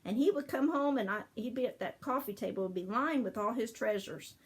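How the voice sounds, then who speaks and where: An older woman shares childhood memories in a loose, chatty way. Her voice sits fairly high, and she breaks into laughter often as she talks. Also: brisk, husky. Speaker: storyteller. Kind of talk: casual memorial storytelling.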